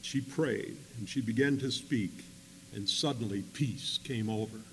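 A man telling a story in a sermon, swinging between loud emphatic bursts and quiet asides. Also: mid-range voice, unhurried. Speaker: preacher. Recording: long hall reverb with faint hum.

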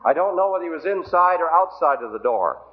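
Expressive and fast, a man with a fairly high voice delivers an evangelistic sermon, earnestly pleading with the congregation by way of rhetorical questions. The recording is old and tinny, like a phone line.

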